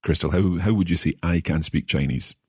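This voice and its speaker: Scottish male learner on a lesson podcast; low, husky, dry studio sound, halting delivery. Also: a little mellow, dry recording. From Scotland. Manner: hesitant, repeats words while thinking. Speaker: language learner and co-host.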